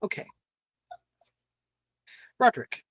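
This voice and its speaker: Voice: slow, dry recording. A game master narrating a tabletop game in a hesitant way, with many fillers.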